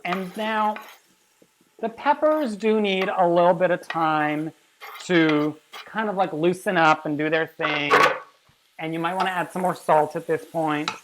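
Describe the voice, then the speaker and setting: Woman cooking show host, low voice, brash, sweary, teasing. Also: measured pace, noisy background. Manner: brash, swears freely, teasing insults at viewers. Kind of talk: casual cooking demonstration.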